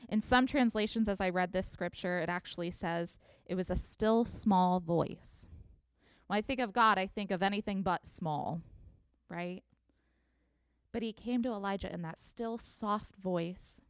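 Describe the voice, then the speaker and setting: A woman pastor in her thirties preaching a sermon, telling a scripture story with expressive reading. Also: medium pitch, unhurried, clear, resonant tone, no room sound, studio quality.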